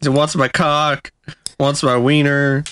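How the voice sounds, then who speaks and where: A man's voice: fairly high pitch, little pitch movement, takes it slowly, a bit bright, clean tone. A man chatting casually as co-host, teasing and laughing at his friend. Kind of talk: casual chat.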